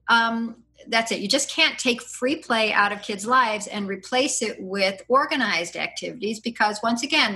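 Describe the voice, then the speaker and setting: A middle-aged woman, a podcast guest, chatting and explaining at length in a lively, rambling way, with laughs and restarts. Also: medium pitch. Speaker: podcast guest, free-play advocate. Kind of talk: casual conversational explaining.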